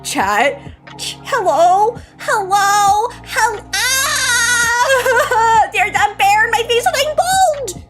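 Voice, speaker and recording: A woman's voice: extremely high pitch, animated, extremely slow, fairly bright tone, faint music behind. A young woman streamer chatting casually and playfully, giggling and exclaiming often. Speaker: live streamer. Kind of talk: casual live-stream chat.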